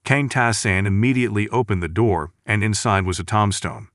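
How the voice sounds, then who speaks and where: A man's voice: lowish voice, normal speed, no echo, clean studio sound. A man narrating a comic story recap in a plain, repetitive storytelling manner. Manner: flat storytelling, repetitive phrasing.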